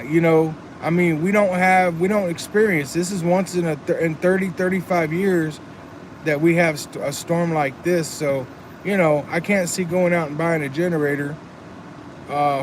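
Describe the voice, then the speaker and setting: A man's voice: a little high, steady tone, moderate pace, a little hiss or hum. A man chatting casually on a live stream, earnest and rambling, reading chat comments aloud. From Texas.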